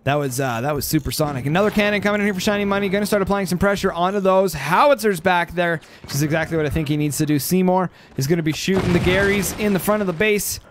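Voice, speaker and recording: A high-pitched man casting a strategy game, calling the action play by play. He gets excitable and bursts into loud cries at big moments. His voice sounds a little stuffy from post-nasal drip. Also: fast, hardly any pauses, a little hiss or hum. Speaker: game caster.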